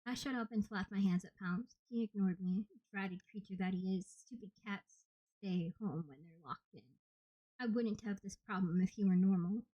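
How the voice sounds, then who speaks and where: A woman narrating an audiobook in the first person with steady, plain storytelling. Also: mid-range voice, normal speed, husky, dry recording, dull audio. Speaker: audiobook reader.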